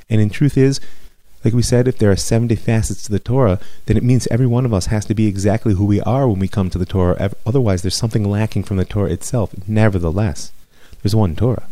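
A man teaching Jewish history as a rabbi, telling it in a measured, reflective way. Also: fairly low pitch, mellow, no echo. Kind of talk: lecture storytelling.

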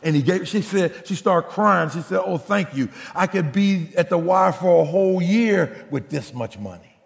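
A man preaching a sermon, telling a story with acted-out quotes and shouted punchlines. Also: high-pitched, lively intonation, normal speed, creaky, in a large hall. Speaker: pastor.

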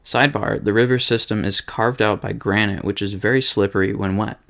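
Low gravelly midwestern guy reading a listener story on a podcast, jokey, swears a lot. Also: fairly even intonation, brisk, a bit bright. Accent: Midwestern American. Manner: joking, swears freely.

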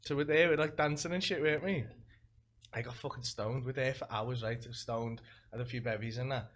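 A man with a Liverpool accent hosting a podcast, rambling through anecdotes with plenty of swearing and quick voices for the people in his stories. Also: mid-range voice, fairly even intonation, slight background noise. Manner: rambling storyteller, heavy swearing, acts out quoted voices. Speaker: podcast host. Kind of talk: casual podcast chat.

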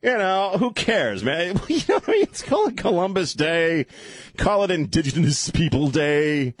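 A male talk radio host ranting in a loose, irreverent way and often breaking into laughter. His voice is husky, and his pitch jumps around a lot. The studio sound is dry, with no room echo. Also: big pitch swings, moderate pace.

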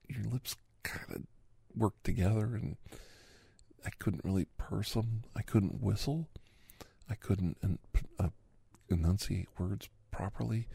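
A man with a deep, dark, husky voice carries this whispered role-play, his words loose and rambling as he drifts between a soft murmur and a breathy whisper. The close mic keeps the sound dry and intimate. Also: no room sound. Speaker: ASMR podcast host. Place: quiet room near railway tracks.

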